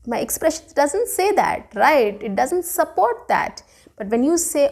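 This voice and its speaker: A woman's voice: high-pitched, measured pace, vocal fry. A woman teaches spoken straight to camera. She smiles and talks expressively. She keeps checking in with "okay" and "you know.". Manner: frequent "okay" and "you know" fillers, demonstrates intonation with example sentences; smiling and expressive while speaking. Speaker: English teacher. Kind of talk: speaking lesson to camera.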